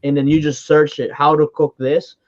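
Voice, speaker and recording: A man chatting casually on a livestream, animated and filling his talk with "like" and "dude". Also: fairly high pitch, dull audio. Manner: animated, fast, lots of "like" and "dude". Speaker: co-host.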